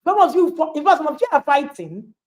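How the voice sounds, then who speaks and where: A woman parenting coach hosts a video call, giving listeners an emphatic motivational talk full of rhetorical questions. Her voice sits high with a darkish tone, and she talks fast and very animatedly.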